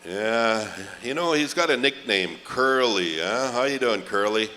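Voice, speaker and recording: A man emceeing a live event, calling names slowly with drawn-out "oh, uh" fillers and light joking asides. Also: mid-range voice, expressive, sharp tone, big-room sound. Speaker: pow wow emcee. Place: large outdoor event grounds.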